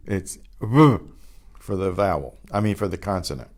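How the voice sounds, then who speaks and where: A man teaching a Spanish pronunciation class. He says each word slowly and repeats it, and he often clears his throat. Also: deep voice, lively intonation. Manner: models words slowly and repeats each one twice. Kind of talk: pronunciation lesson.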